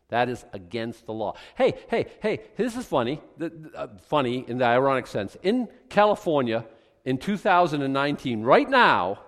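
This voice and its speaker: Animated preaching pastor in a reverberant church. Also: male voice, mid-range voice. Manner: animated, conversational preaching with sarcastic asides. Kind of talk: expository sermon. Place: church sanctuary.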